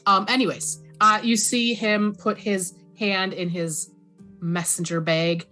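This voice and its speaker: Bright-voiced woman narrating as game master. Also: mid-range voice, little pitch movement, faint music behind. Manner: halting, many fillers. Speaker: dungeon master.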